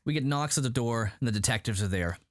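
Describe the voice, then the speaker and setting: A man hosting a casual chat, recapping a show in an animated, rambling way full of "like". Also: medium pitch, fast talker. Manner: animated, rambling, heavy use of "like". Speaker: podcast host recapping a show.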